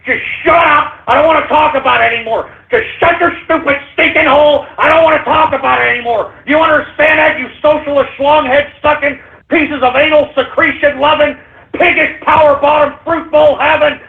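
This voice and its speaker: A man voicing a frantic, short-tempered male radio sidekick in a whiny, shouting rant. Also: extremely high pitch, creaky. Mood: furious. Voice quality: whiny, shouting, exasperated ranting. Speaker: radio show regular. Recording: tinny phone-like audio.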